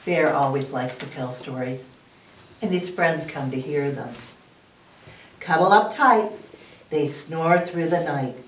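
A woman librarian reading a picture book aloud at storytime, expressive and inviting the children to join in. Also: low voice, slow pace, pauses often. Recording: roomy, distant mic.

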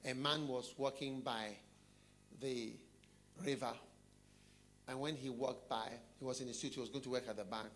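A man preaching a sermon, telling a story and putting questions to his listeners, often dropping low and quiet. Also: fairly even intonation, moderate pace, long pauses, a little hiss or hum.

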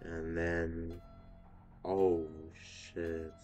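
A man's voice: low-pitched, monotone, very slow, a little mellow, soft background music. A man giving let's play commentary, talking to the game's characters and breaking into startled exclamations. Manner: talks to game characters, frequent startled exclamations. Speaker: gaming video host.

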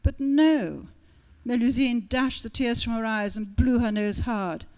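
A woman's voice: a little high, unhurried, clean tone. Woman author reading her story expressively. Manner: lively storytelling, shifting tone for characters.

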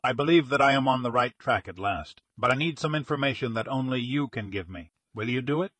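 A man's voice: mid-range voice, animated, fairly quick, fairly bright tone, no room sound. A man voicing a relentless male police inspector who presses with blunt questions in a detective audiobook. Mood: insistent.

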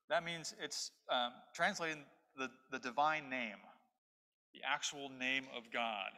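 A man's voice: mid-range voice, pushed and bright. A man preaching an expository sermon as pastor, stressing his points through repetition. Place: church sanctuary. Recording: long hall reverb.

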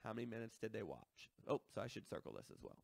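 A man's voice: on the low side, sing-song, fast talker, vocal fry, no room sound. A man teaching a math lesson, explaining step by step and checking in with listeners as he works through problems.

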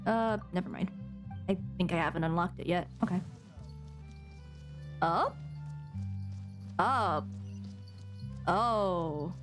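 A woman's voice: fairly low pitch, takes it slowly, pauses often. A woman streamer giving casual, chatty commentary as she plays, talking to herself and giggling often. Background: game music.

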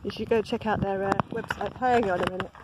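A woman vlogging outdoors on a farm, chatty and excitable, cooing at the animals as she films on her phone. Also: medium pitch, quick pace, background noise. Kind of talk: casual vlog narration. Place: outdoor alpaca farm field.

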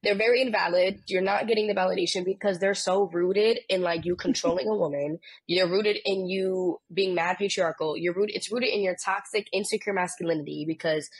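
Woman panelist, lower husky voice, forceful repetitive argument. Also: steady tone, brisk, hardly any pauses, dry recording. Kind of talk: casual panel chat. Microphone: video call.

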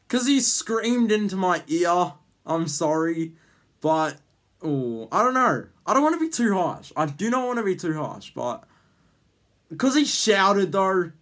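A man's voice: sits high, big pitch swings, measured pace, a bit bright. A man hosting a casual vlog, rambling with lots of ums and jokey teasing. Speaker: YouTube host.

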